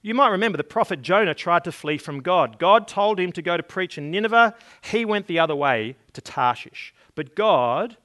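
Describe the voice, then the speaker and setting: Earnest preacher man, fairly high voice. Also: expressive, normal speed, few pauses, fairly bright tone. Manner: earnest, emphatic, repeats words when building a point; reads scripture and stories aloud. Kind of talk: sermon.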